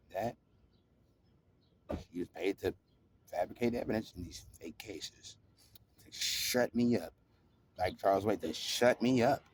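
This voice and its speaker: A man's voice: lowish voice, a little mellow, a little hiss or hum. A man talking to camera in an aggrieved, rambling monologue, restarting and swearing often.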